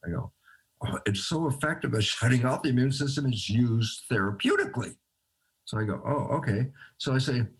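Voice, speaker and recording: A man's voice: mid-range voice, very animated, brisk, slightly rough. A man, a guest scientist in a conversational interview, explaining by acting out both sides of a dialogue and chuckling between phrases.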